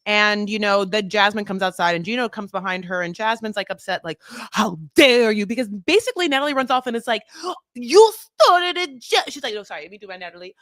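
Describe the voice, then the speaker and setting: A woman co-hosting a podcast, telling stories in animated casual chat and acting out quotes, over a home mic. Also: mid-range voice, quick pace, hardly any pauses, no echo, clean studio sound. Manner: animated storytelling, acts out quotes. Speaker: podcast co-host. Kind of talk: casual chat recapping reality TV.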